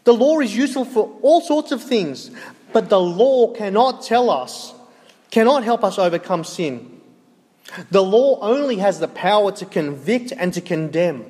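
High-voiced preacher in a reverberant church. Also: male voice, darkish tone. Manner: earnest, emphatic preaching with repeated phrases. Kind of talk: sermon. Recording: long reverb of a large hall.

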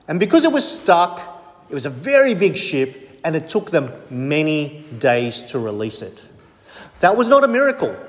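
Lively high-voiced preacher in a reverberant hall. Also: male voice. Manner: emphatic, lists points with rising stresses. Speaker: pastor. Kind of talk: sermon.

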